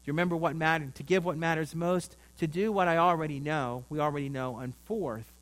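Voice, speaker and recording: A man's voice: on the high side, brisk, a bit bright. A man preaching a sermon, telling a story with rising and falling emphasis.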